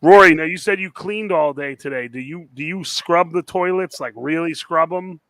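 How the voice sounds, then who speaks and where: Man hosting a comedy podcast, bright tone, dry close sound, laughs often. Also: on the high side, normal speed, no echo. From New Jersey. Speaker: host.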